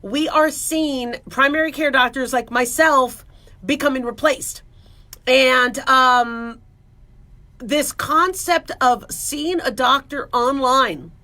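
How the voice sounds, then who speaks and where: A woman's voice: high voice, sharp tone. A woman who is a family medicine doctor, talking casually and playfully about her work. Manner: chatty, playful, jumps into voices. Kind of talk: casual talk monologue.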